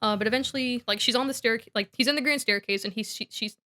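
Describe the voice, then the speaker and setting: A woman with a slightly high voice rambles through a comic story recap, slipping into quick character voices as she goes. Her delivery is loose and chatty, full of restarts. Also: sharp tone. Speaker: podcast co-host.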